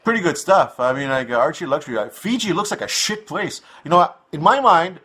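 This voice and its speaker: Bright-voiced, profane rambling man. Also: a little high, lively intonation, brisk, husky. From North America. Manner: crude, swearing, rambling with many fillers. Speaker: online show host.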